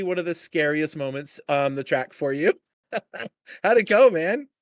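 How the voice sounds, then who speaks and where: A man's voice: on the high side, expressive, moderate pace. A man hosting a sim racing broadcast, interviewing a driver after the race in an upbeat, chatty way. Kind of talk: live post-race interview.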